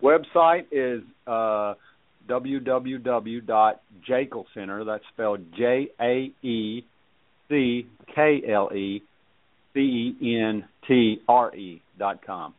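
A man with a Southern accent, a veterinarian guest on a radio interview, speaking in a halting, folksy way. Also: medium pitch. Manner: halting, folksy, many fillers and restarts. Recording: tinny phone line.

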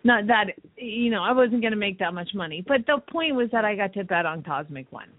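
A woman co-hosting a radio show, telling an emotional story in a lively, laughing way. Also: mid-range voice, a little fast, dry recording. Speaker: radio co-host. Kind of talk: casual radio chat. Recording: tinny phone-like line.

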